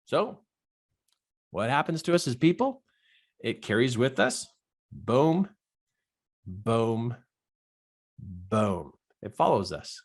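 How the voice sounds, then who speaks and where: Animated man telling a personal story. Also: normal speed, long pauses, slightly rough. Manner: animated storyteller, acts out quoted dialogue with big pitch jumps. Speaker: life coach. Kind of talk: storytelling in a coaching talk.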